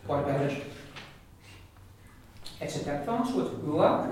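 A man teaching a pronunciation class, patiently repeating words slowly for learners. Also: high voice, a crowd in the background. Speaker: Irish language teacher. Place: classroom with students. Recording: echoey classroom from far off, group around.

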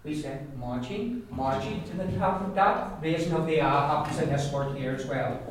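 A male language teacher, patiently demonstrating pronunciation by repeating sounds slowly in a classroom. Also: on the high side, very echoey, recorded from a distance, background noise. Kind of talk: pronunciation lesson with repeat-after-me drills.

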